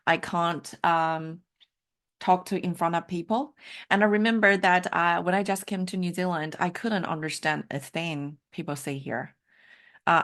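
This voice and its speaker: A woman who speaks English as a second language after Mandarin, giving a heartfelt, encouraging live coaching talk over a video call, with frequent fillers. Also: fairly low pitch. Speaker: life coach. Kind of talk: live online coaching session.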